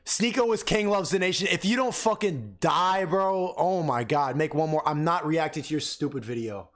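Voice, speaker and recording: A young man ranting excitedly and profanely while reacting to clips on a live stream. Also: a little high, normal speed.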